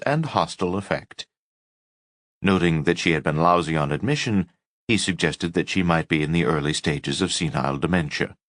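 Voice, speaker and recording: A man reading a memoir audiobook aloud, measured storytelling with lively inflection. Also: low-pitched, no room sound, studio quality. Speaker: audiobook reader.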